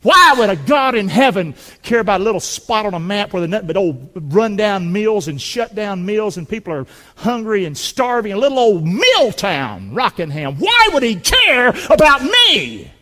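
A man from North Carolina with a Southern accent, preaching a loud, fervent sermon with call-and-response in a church. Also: high voice, animated, normal speed, long reverb tail. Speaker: pastor. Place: church building.

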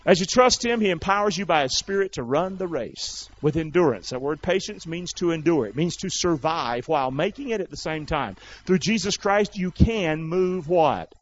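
A man preaches a sermon with a high, animated voice that swoops and climbs. He throws questions out to his congregation and answers them himself in bursts. The recording sounds dull and lo-fi. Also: normal speed, few pauses, a little hiss or hum. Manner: call-and-response preaching, rising to shouts. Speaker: pastor.

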